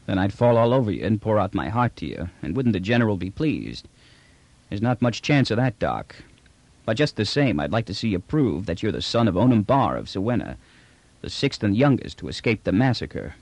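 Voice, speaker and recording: A man narrator voices a bulky, brash space trader who talks bluntly in casual slang, pushing hard and then dropping low and conspiratorial. His delivery swings widely in pitch with a gravelly edge. The recording is dry and close. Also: sing-song, brisk, a little mellow, dry recording. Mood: wry. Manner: blunt, wheedling street talk.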